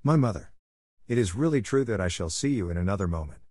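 A man's voice: lowish voice, expressive, fast talker, a little mellow, dry recording, clean studio sound. A man voicing a desperate young Italian boy who pleads urgently for news of his mother. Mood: pleading.

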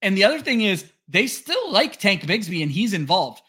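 A man co-hosting a casual sports podcast, reeling off stats quickly and laughing easily between points. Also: sits high, very animated, bright, forceful tone, slightly rough. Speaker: podcast co-host. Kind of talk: casual sports chat with a scripted picks segment.

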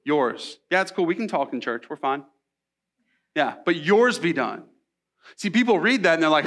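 Male pastor, slightly higher voice, conversational and animated sermon in a church. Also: normal speed. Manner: animated, conversational preaching with asides to the congregation.

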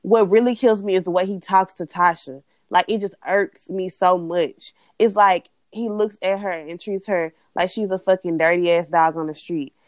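A young woman co-hosting a casual chat, blunt and animated, swearing freely as she rants. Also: lowish voice, normal speed, hardly any pauses, dry recording. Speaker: podcast co-host.

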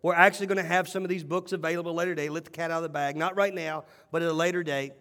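A man with a high voice preaches a sermon, telling stories with animated emphasis and circling back on his key phrases. His words ring out with a long hall reverb, as if in a church sanctuary. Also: racing. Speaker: pastor.

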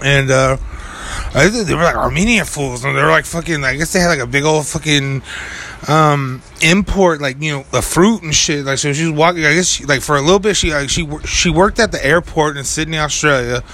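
A man's voice: fairly high pitch, a little fast, bright, forceful tone. A young man telling a rambling story in casual chat, full of filler words and swearing. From California. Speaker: podcast co-host.

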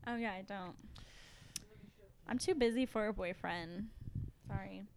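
A woman's voice: mid-range voice, unhurried, a little hiss or hum. A young woman guest on a podcast, chatting casually, often laughing and trailing off mid-sentence. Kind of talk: casual chat.

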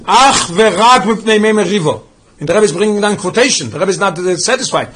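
A man leading a text study class, reading quickly from a Hebrew text and explaining it in English. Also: sits high, animated, fairly bright tone, husky. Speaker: Torah class teacher.

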